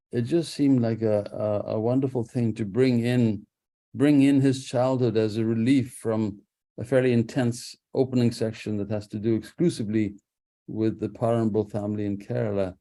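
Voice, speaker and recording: A man speaking as an author guest on a radio interview, thoughtful and unhurried, with restarts and soft laughs. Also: medium pitch. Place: radio studio.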